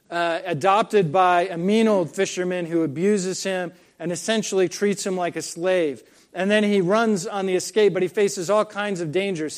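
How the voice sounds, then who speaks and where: A man preaching a sermon conversationally, with frequent fillers and asides of "right?". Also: high voice. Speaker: pastor.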